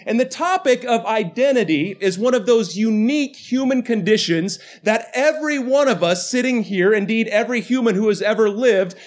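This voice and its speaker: High-voiced pastor preaching with light humor. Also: male voice. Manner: conversational, self-deprecating humor. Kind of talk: sermon. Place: church before a live congregation.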